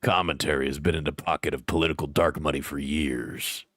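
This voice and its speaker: A man voicing a paranoid male conspiracy theorist in a slow, ominous, low delivery. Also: steady tone, fairly bright tone, no room sound, clean studio sound.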